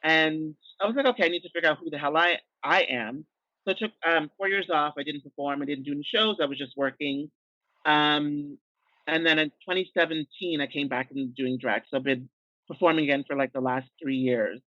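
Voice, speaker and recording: A trans woman and drag performer, a podcast guest, frankly retelling her experiences in a lively way with plenty of fillers. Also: low-pitched, moderate pace, no echo, dull audio. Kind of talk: candid storytelling conversation.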